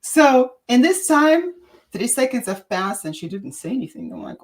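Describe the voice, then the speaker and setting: A woman from Russia with a Russian accent, chatting as a guest and telling stories in an emphatic, animated way. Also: on the high side, normal speed. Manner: animated storyteller, emphatic, with filler restarts. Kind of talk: casual chat.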